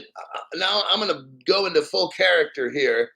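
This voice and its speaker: A man's voice: sits high, lively intonation, normal speed, sharp tone, breathy edge, low-quality recording. A man hosting a crypto video, reading out a news article and reacting in a hyped, boastful way. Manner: hyped, boastful, laughing often. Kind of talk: excited commentary reading an article.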